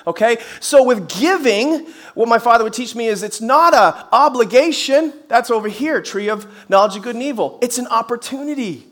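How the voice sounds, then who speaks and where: A middle-aged man preaching a sermon to a church congregation. He is energetic and emphatic, mixes in folksy humor and rhetorical questions, and rises to shouts on key phrases. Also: very high voice, normal speed. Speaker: pastor. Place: church service before a congregation.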